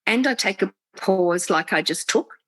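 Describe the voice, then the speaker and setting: A woman's voice: mid-range voice, expressive, moderate pace, fairly bright tone, no echo, poor audio. A woman, an executive coach, explaining with animation on a video call and acting out quoted inner voices. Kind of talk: interview talk, explaining.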